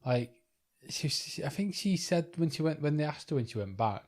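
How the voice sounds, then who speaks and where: A man's voice: fairly high pitch, lively intonation, normal speed, a little mellow. A young man co-hosting a podcast, talking casually and hesitantly, often restarting his sentences with fillers. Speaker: podcast co-host. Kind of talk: casual chat.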